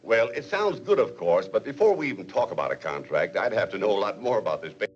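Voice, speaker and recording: An actor playing a cautious, businesslike school board official in a 1940s film comedy, speaking in a measured, official way. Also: male voice, on the low side, sing-song. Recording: muffled 1940s film soundtrack with hiss.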